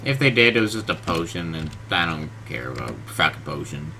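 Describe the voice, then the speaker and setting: A man giving casual gameplay commentary, low-key and monotone, groggy from just waking up, in his bedroom. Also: brisk. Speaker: gaming video host. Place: hot bedroom with a fan. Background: fan and keyboard noise.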